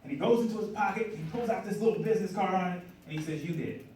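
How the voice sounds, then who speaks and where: A middle-aged man giving an energetic motivational talk at a conference, often asking the audience questions. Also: sits high, very fast, slight background noise. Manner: energetic, asks the room questions. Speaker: conference speaker. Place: conference hall. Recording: roomy hall audio from a distance.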